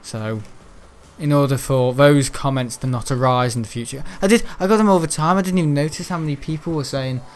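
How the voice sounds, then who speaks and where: Rambling young Merseyside lad streaming. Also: male voice, medium pitch, brisk. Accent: Merseyside English. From the Wirral, England. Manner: hesitant, many ums and restarts, chuckling. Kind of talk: rambling casual chat.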